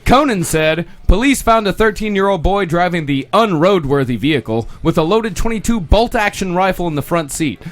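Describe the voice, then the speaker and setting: A man's voice: sits high, lively intonation, moderate pace, few pauses. A man reading odd news items aloud to a comedy panel in a dry, matter-of-fact way. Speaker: news segment reader on a comedy podcast.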